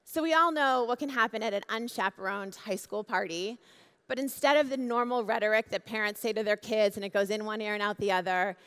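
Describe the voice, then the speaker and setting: A woman in her forties, a keynote speaker at a conference, delivering a measured, emphatic speech with dramatic pauses from the stage. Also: a little high, fairly bright tone, smooth. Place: large conference hall. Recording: long hall reverb.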